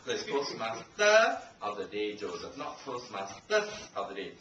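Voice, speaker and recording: A man's voice: fairly low pitch, big pitch swings, normal speed, fairly bright tone, dull audio. A man from Singapore with a Singaporean English accent, giving a playful, teasing language evaluation at a club meeting, laughing often. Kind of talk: humorous speech to a club meeting. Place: meeting room, live audience. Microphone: far handheld camcorder. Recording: echoey room, heard from far off, noisy.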